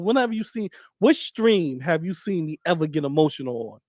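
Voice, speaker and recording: A man commenting casually on a live panel, animated and profane, often acting out quotes. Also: on the high side, fairly quick, hardly any pauses, no room sound. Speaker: panel co-host.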